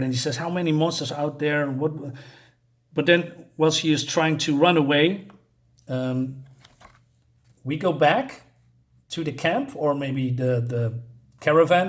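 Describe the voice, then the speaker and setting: A man's voice: a little high, fairly bright tone. A man reviewing a comic book in casual chat, hesitant, with many fillers and restarts. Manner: hesitant, many restarts and fillers, reads quoted lines aloud. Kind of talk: casual read-through of a comic.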